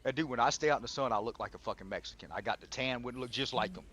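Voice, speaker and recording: A man in his forties telling a profane, animated story in casual chat on a game stream. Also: medium pitch, very fast, a little hiss or hum.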